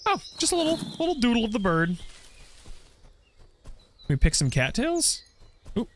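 Bright-voiced young man, gaming commentary, goofy and animated. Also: very high voice, moderate pace, a little hiss or hum. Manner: playful, joking, frequent laughs. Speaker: gaming video creator. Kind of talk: playthrough commentary.

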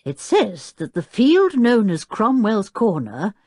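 A woman voicing an older male professor who explains things in a measured, scholarly way in an audiobook. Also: mid-range voice, wildly swooping pitch, darkish tone, dry recording, clean studio sound, voice pushed up, full character voice. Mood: explanatory.

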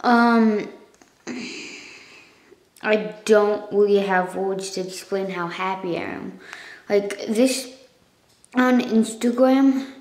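Speaking slowly with long pauses, a woman with a medium-pitched, slightly mellow voice thanks her viewers in a casual phone-recorded vlog from an echoey room. As the channel's owner she rambles and corrects herself, now and then coughing or clearing her throat.

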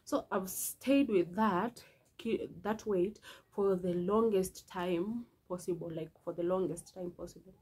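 In a casual personal vlog, a woman in her early twenties speaks earnestly, often repeating herself to stress a point. Her voice sits on the low side, mellow with a breathy edge, at a measured pace, and the recording is rough.

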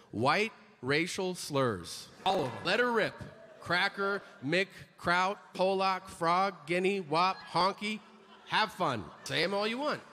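A man's voice: sits high, big pitch swings, unhurried, pushed and bright. A man doing stand-up comedy in a brash, provocative, profane way. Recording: reverberant hall with faint noise.

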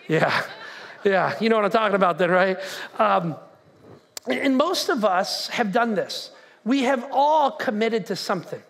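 Guy pastor w a really high voice, animated, keeps asking the crowd stuff. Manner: animated, talks to the crowd with questions. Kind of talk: sermon. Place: church auditorium.

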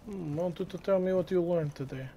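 A man's voice: high voice, fast, highs cut off, a little hiss or hum. Menacing profane man interrogating in roleplay. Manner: menacing, swings from shouting to hushed taunts. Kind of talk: in-character game roleplay.

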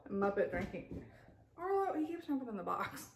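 A woman's voice: mid-range voice, big pitch swings, brisk, creaky, slight background noise. Chatty woman in an echoey room. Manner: chatty, self-interrupting, frequent asides and laughs. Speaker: vlogger. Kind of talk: casual unboxing chat. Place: home kitchen table with pets around.

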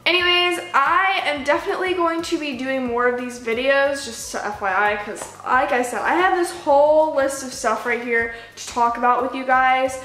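A young woman vlogger casually telling a story, animated and chatty, acting out the people she quotes. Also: high voice, normal speed, few pauses, faint music behind. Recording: echoey room.

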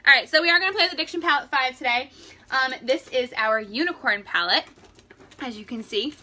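A woman's voice: high voice, fairly quick, bright, forceful tone. A young woman hosting a casual live makeup tutorial at home, chatty and rambling, greeting viewers by name as she works. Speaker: makeup livestream host. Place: at home indoors.

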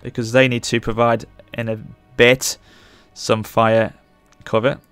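A man commentating live on his strategy game as he plays, urging his units on and reacting loudly to the battle. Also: mid-range voice, a little slow, smooth, dry recording, faint music behind. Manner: urgent, excitable, barks orders at units. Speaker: gaming channel host.

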